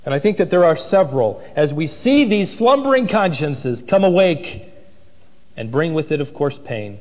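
A man's voice: fairly high pitch, sing-song, normal speed, long reverb tail, dull audio. A man preaching an expository sermon, dramatic and acting out the voices of biblical figures.

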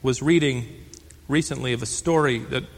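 An older American man preaching a sermon as pastor, stressing key words and slowing for emphasis. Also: mid-range voice, in a large hall. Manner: emphatic, slows on key phrases.

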